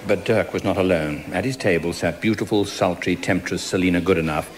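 A man narrating a spoof thriller in a 1980s radio comedy sketch, in a pompous, self-flattering manner, on an old noisy broadcast recording. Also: deep voice, brisk, soft background music, a faint crowd.

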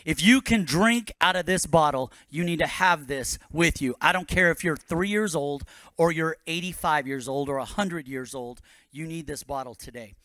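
A man's voice: fairly high pitch, moderate pace, fairly bright tone, no room sound. A man, a pastor, preaching a sermon to his congregation with rising bursts of energy.

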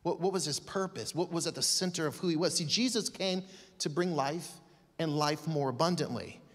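A man giving a sermon as a guest pastor in a church, earnest and emphatic, with long pauses. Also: on the high side, a bit bright. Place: church sanctuary. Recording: long hall reverb.

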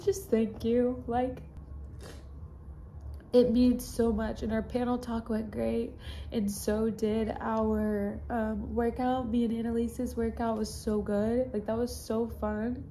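Young female fitness vlogger, teary crying voice, mellow and slightly high, recorded on a phone in a hotel room. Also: flat delivery, slow, a little hiss or hum. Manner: gushing, heavy use of "like". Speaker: fitness influencer. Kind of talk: casual vlog confession.

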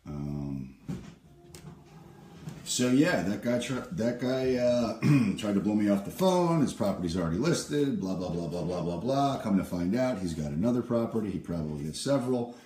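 A man working live cold calls as a real estate agent, pitching hard and making flat side comments. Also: moderate pace, reverberant. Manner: pushy, upbeat sales pitch on calls, flat asides. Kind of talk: live prospecting calls with asides.

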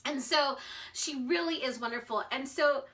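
A woman's voice: high voice, moderate pace, fairly bright tone. An American woman vlogging in a bubbly, chatty way, full of filler words. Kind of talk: casual chat to camera.

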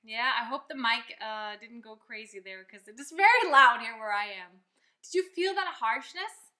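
A woman with a slightly high, pushed, bright voice teaches a singing lesson at normal speed, expressive and upbeat. She explains each step encouragingly and demonstrates, recorded somewhere loud rather than in a quiet studio.

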